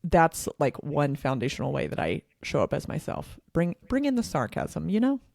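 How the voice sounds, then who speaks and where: Woman, thirties, gravelly, dry close sound, sarcastic podcast co-host. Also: low-pitched, sing-song, moderate pace, a little mellow, no room sound. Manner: sarcastic, laughing, filler-heavy. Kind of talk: casual podcast chat.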